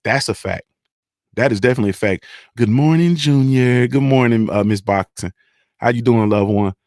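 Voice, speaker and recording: A man's voice: medium pitch, moderate pace, darkish tone, dry recording, clean studio sound. A young adult man hosting a casual livestream, talking emphatically and repeating himself, often checking that viewers understand. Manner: emphatic, repetitive, profane, keeps asking "you understand". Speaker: livestream host reading chat.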